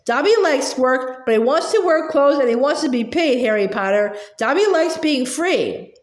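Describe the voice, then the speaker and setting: A woman voicing an eager, servile male house-elf who talks in a squeaky voice and calls everyone sir. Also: lively intonation, normal speed, echoey room. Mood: earnest.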